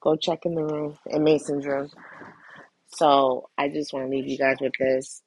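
A woman's voice: a bass voice, level tone, moderate pace, a little mellow, breathy edge, low-quality recording. A woman hosting a podcast, talking earnestly and directly to her listeners in a casual, heartfelt monologue full of restarts and repeated phrases. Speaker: podcast host.

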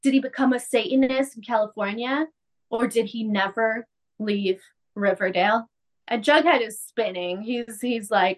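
A woman hosting a podcast, casually recapping an episode with lively acted-out quotes. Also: on the high side, normal speed. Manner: animated, acts out quotes, laughs often. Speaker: podcast host.

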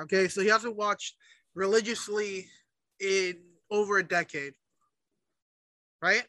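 A man's voice: high voice, fairly even intonation, slow pace, long pauses, pushed and bright, no echo, poor audio. A man co-hosting a casual chat show, ranting animatedly and swearing often. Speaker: podcast co-host.

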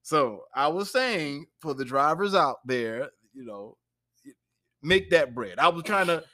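A man hosting a casual podcast, talking in an animated way and laughing easily. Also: a little high, no room sound, clean studio sound. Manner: animated, flustered, quick to laugh. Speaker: podcast host.

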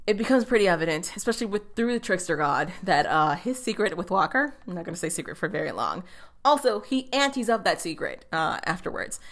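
A young woman recaps a TV episode in a casual, chatty way. Her pitch swings all over the place as she talks. She swears freely and keeps popping into quick voices for the characters. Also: sing-song, fairly bright tone.

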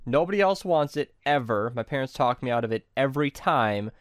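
A man's voice: mid-range voice, animated, a little fast, no echo, clean studio sound. A man hosting a livestream chat, talking casually and animatedly with a self-deprecating manner.

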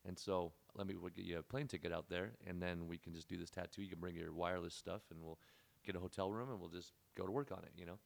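Fast, gravelly low-voiced man. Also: fairly even intonation. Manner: rambling, laid-back storyteller with lots of fillers. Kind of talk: casual storytelling chat.

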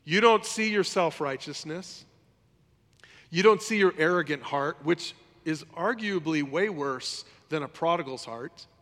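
A man preaching a sermon in a lively, conversational way, often acting out what others say. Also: fairly high pitch, a little slow, in a large hall. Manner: animated, conversational preaching, acts out quotes. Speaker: pastor.

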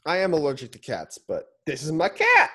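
A man's voice: on the high side, huge pitch swings, a little fast, bright, forceful tone, slightly rough. A man co-hosting a casual podcast chat from home, rambling and giggly, often breaking off mid-sentence. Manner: rambling, self-interrupting, giggly. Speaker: podcast co-host. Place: home, with his cat on his lap.

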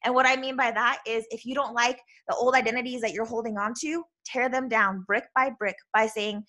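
On a motivational podcast, a loud, bubbly self-love coach talks with a bright, slightly high voice and fairly even intonation. She stays earnest and encouraging, frequently tossing in a quick "right?" to check in with her audience.

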